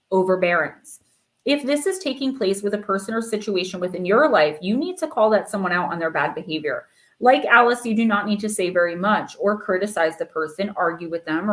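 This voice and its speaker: Woman doing a live oracle card reading, chatty, lots of um and like, mid pitch. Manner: chatty, reads card text aloud, many fillers.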